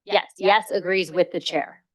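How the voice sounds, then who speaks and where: A female city clerk reads out recorded votes and lists names at a council meeting. Her delivery is flat and matter-of-fact. The sound is dry and close. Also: lowish voice, unhurried, dry recording, poor audio. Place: council chamber.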